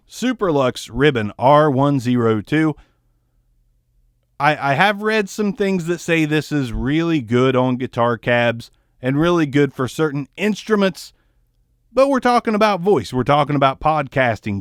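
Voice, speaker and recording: A man talks through a microphone test in a loose, rambling way, joking at his own expense. His voice is smooth and resonant, recorded close and dry, with his Southern US accent mostly held back. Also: on the high side, very animated, unhurried, dry recording. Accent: tones down a Southern US accent. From American South. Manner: rambling, joking, self-deprecating. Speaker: microphone reviewer. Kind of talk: casual mic test review. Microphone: ribbon microphone, close and moved around.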